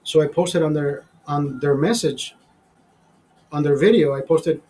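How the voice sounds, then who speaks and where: A man's voice: fairly high pitch, steady tone, normal speed, darkish tone, low-quality recording. A man of fifty, a show host, telling a rambling story in casual chat, swearing a lot and sounding exasperated. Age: 50s. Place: small studio.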